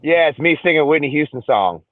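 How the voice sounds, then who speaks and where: A man's voice: a little high, animated, quick pace, dry recording. A middle-aged man, a podcast guest and social media creator, chatting casually and telling jokey stories in which he acts out other people. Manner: joking, storytelling, acts out other people's voices. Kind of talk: casual chat. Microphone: phone call. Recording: dry tinny phone-like line.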